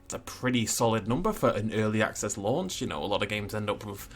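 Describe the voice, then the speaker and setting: A man's voice: fairly low pitch, lively intonation, quick pace, slight background noise. A man hosting a gaming channel, casually talking through video game news in a chatty, rambling way with asides and chuckles.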